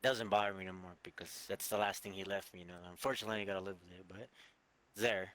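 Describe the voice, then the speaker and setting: A man reminiscing in a loose, rambling way, swearing casually and pausing on fillers. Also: sits low, steady tone, fairly bright tone. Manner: rambling, profane, halting with fillers. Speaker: co-host of a gaming channel. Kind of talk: casual memorial chat.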